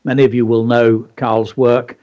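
A man's voice: medium pitch, flat delivery, normal speed, warm tone, lo-fi sound. A male radio host teaching creative writing, talking in an enthusiastic, explanatory way with frequent fillers. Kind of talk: instructive radio talk.

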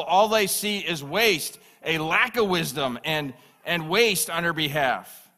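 A man's voice: fairly high pitch, slow, sharp tone. A man preaching a sermon as pastor, emphatic and repeating phrases for stress.

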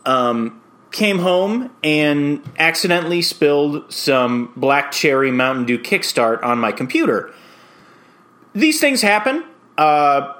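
A man hosting a podcast in a casual, rambling monologue, hesitant and full of ums and uhs, with an earnest deadpan tone. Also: fairly high pitch. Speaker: podcast host.

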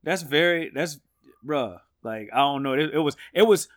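A man's voice: a little high, animated. A man co-hosting a podcast, telling stories in laid-back casual chat. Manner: laid-back storytelling, drawn-out phrasing.

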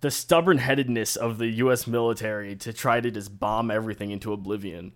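A man guest on a podcast, explaining at length in a steady, wry, casual way. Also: lowish voice, brisk.

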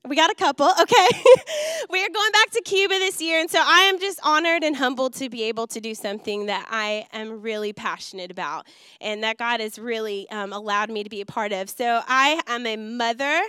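A woman pastor preaching in a church, telling her story with lively energy and acted-out quotes. Her voice is high and bright, smooth and clear. The sound is dry and close. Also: a little fast, no room sound. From Wisconsin. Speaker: youth and missions pastor. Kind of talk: sermon. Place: church auditorium.

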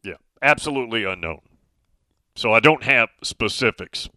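A man's voice: on the low side, expressive, normal speed, bright, forceful tone, no echo. A middle-aged man hosting a sports talk radio show, speaking emphatically and reading out listener messages.

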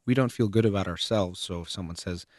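Low-voiced man explaining calmly. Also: dry recording, studio quality. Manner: calm, measured, explaining step by step with occasional fillers. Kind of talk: explanatory talk on relationships.

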